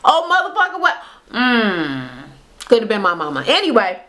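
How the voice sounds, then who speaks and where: A woman with a fairly high voice rattles through a reality TV recap in casual, slangy talk. She is blunt, opinionated and swears freely, as if chatting with friends. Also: normal speed. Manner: animated retelling, acts out quotes; slangy, conversational.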